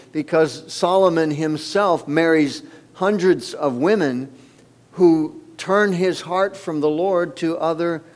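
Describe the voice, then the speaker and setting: A male pastor preaching a sermon in a church, slow and deliberate with emphatic pauses. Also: a little high. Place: church sanctuary.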